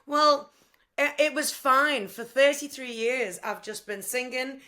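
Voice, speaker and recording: A woman's voice: high-pitched, fairly even intonation, a little slow, pushed and bright. A woman in her fifties, a tribute singer, chatting as a guest in a playful way and calling people honey. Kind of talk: casual interview chat.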